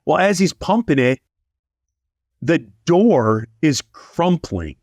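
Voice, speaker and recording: A man telling a long story in casual chat, animated and rambling. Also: on the high side, takes it slowly, no echo, studio quality. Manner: animated, rambling, lots of likes.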